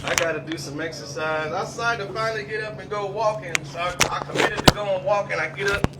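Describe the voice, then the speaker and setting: A man hosting a restaurant comedy night, out of breath and mocking himself in a lively storytelling way. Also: high voice, fast talker, very noisy. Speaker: comedy show host and comedian. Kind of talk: stand-up comedy set. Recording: live room with audible crowd.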